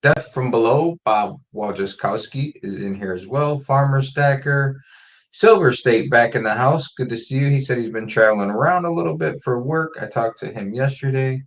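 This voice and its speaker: A man's voice: mid-range voice, moderate pace. Man casually greeting stream viewers. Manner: reads out viewer names and greetings in a relaxed, friendly ramble. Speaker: host. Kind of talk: casual livestream chat.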